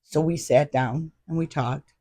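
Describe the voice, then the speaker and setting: A woman's voice: deep voice, steady tone, unhurried, dark tone, no echo, studio quality. Emphatic middle-aged woman telling a story. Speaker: podcast guest. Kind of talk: personal storytelling.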